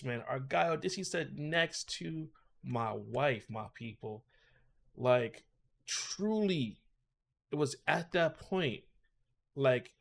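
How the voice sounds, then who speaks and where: A man's voice: mid-range voice, fairly bright tone. A man hosting a casual reaction video, chatting loosely with his viewers. He laughs often and talks things through as they occur to him. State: growing nervous excitement.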